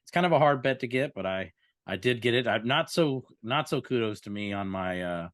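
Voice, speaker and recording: A man's voice: medium pitch, lively intonation, brisk, a bit bright, no room sound, studio quality. A man co-hosting a sports podcast, easygoing and full of fillers as he chats. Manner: laid-back, filler-heavy. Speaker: podcast co-host. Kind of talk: casual chat.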